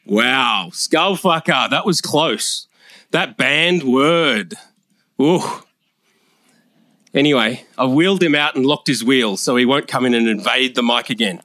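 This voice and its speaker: A man's voice: medium pitch, measured pace, bright, forceful tone, no room sound, studio quality. A man roasting the hosts in a comedy roast, with a brash, crude, mocking delivery.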